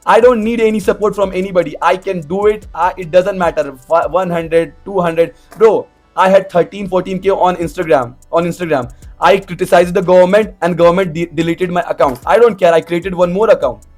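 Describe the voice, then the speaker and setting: A man's voice: high voice, fairly quick, darkish tone, soft background music. A man delivering a blunt, profane, confrontational vlog rant as an MMA commentator. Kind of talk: ranting vlog monologue.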